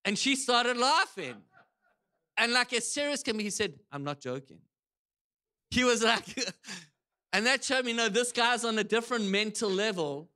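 Male pastor, high bright voice, lively sermon delivery with shouted quotes. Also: moderate pace. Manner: animated storytelling, shouts quoted lines. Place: church.

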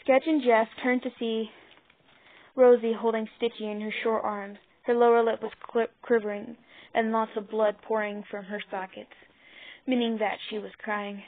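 A woman reading a fan fiction story aloud, halting and restarting over words, on a tinny phone-like mic. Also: fairly high pitch, flat delivery. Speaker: narrator.

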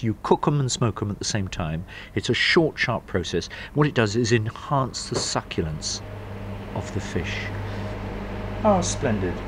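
Middle-aged man, lowish voice, lively raconteur recalling how his business began. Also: slight background noise. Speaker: smokery owner. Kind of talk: anecdotal storytelling.

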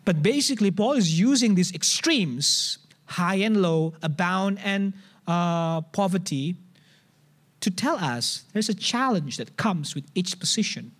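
Delivering a church sermon, this Indonesian-accented pastor speaks with a high voice and an unhurried pace. He's conversational and animated, frequently restarting and acting out his examples.

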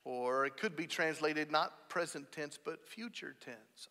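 A man preaches from the pulpit in a high, bright voice. He leans hard into stressed words, climbing to loud peaks. His voice rings with the long reverb of a church hall. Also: measured pace, few pauses. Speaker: pastor. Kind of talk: sermon. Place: church sanctuary.

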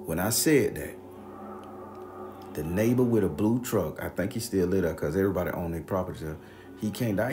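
A man casually telling a personal ghost story in a rambling, profane, animated way. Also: lowish voice, a little fast, faint music behind.

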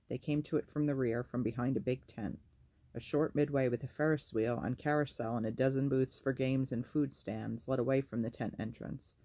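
A man reading a novel aloud as a storyteller, in a measured, even way. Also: mid-range voice.

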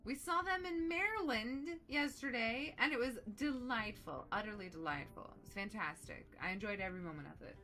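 Young woman streaming a game, chatty and excitable, bright tone. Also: a little high, brisk, few pauses, soft background music. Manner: animated, shrieks when excited, drops soft when focused. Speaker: streamer playing a video game. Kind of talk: casual let's-play commentary chatting with chat.

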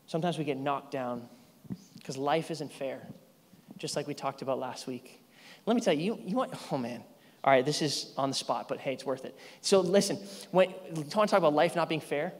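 A man in his thirties, a pastor preaching a sermon, telling a story with lively energy, sometimes yelling and laughing. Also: a little high, brisk. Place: large church hall. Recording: church hall reverb.

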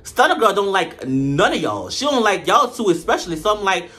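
Male comedic reviewer, high-pitched, sassy and profane, faint background music. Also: brisk. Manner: sassy, profane and animated, full of slang. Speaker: show reviewer. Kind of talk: comedic reality-TV recap.

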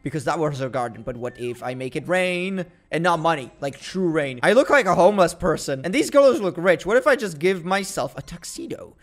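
Young male let's-player, pitched a bit high, goofy and teasing, slips into low fake-smooth asides. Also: expressive, fairly quick.

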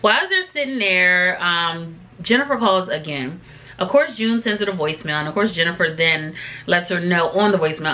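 A woman's voice: fairly low pitch, expressive, normal speed, long pauses, sharp tone. A woman giving a casual, chatty recap of a TV episode, full of fillers and sassy asides. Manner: sassy, talks back to the people on the show. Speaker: TV show reviewer.

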